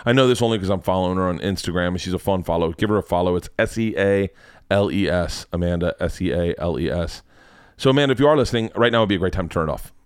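A man's voice: deep voice, fast talker, smooth, no room sound, studio quality. Rambling, profane man hosting a podcast. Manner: profane, rambling, laughs often. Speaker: podcast host. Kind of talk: casual chat.

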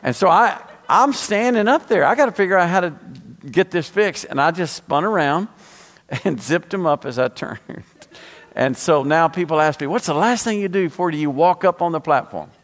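A middle-aged man preaching a sermon as pastor, telling humorous stories with laughter and then dropping low and soft for earnest points. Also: lively intonation, normal speed. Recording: long hall reverb.

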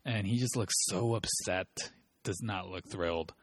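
A man's voice: fairly low pitch, normal speed, dry recording. A man telling rambling, profane work stories in casual chat. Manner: profane, rambling, animated storytelling.

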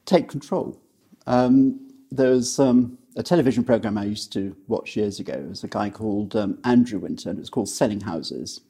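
Male guest, husky low voice, halting measured delivery. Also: dark tone. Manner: hesitant, many ums and restarts, measured advice. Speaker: guest, property sales expert. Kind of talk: conversational interview.

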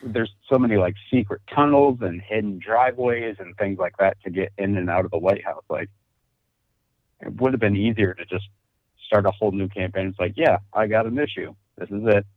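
A man's voice: lowish voice, fairly quick, no room sound. A laid-back man co-hosting a casual podcast chat. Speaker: podcast co-host. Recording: tinny phone-like audio, dry.

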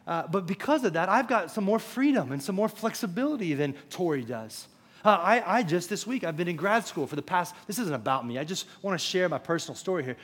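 Young pastor preaching. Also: male voice, a little high, animated. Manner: conversational preaching, quick asides to the congregation. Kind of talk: sermon. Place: church auditorium.

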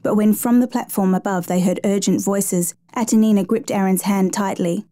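Mellow-voiced woman reading a story. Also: mid-range voice, fairly even intonation, normal speed, dry recording, clean studio sound. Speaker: narrator. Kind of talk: scripted narration.

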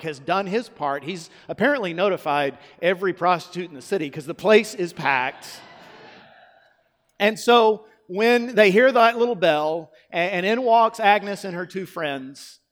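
A man preaching a sermon and telling a story, swinging between loud emphatic lines and hushed ones. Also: fairly high pitch, long reverb tail. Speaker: pastor.

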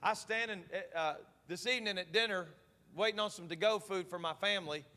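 A man's voice: sits high, brisk, bright, forceful tone. A man preaching an evening sermon as pastor, emphatic and pleading, often asking his listeners whether they follow him. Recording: long reverb of a large hall.

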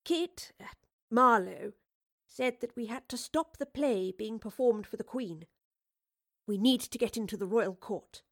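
A woman's voice: on the high side, animated, measured pace, a bit bright, no room sound, clean studio sound, exaggerated voice. A woman voicing a thoughtful, troubled female scholar who speaks in an earnest, reflective way in an audiobook.

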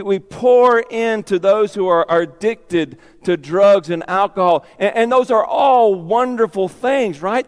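A man's voice: sits high, in a large hall. A man preaching a sermon as pastor, emphatic and repeating his key phrases.

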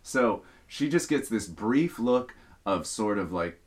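A young podcast host with a lowish voice speaks slowly as he tells a workplace story. The telling is casual and animated, and he swears a lot.

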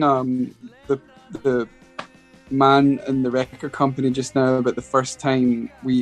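A middle-aged Scottish man telling a rambling story as a guest in a casual interview, often restarting his sentences. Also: medium pitch. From Scotland. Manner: rambling, full of restarts and acted quotes. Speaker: guest musician.

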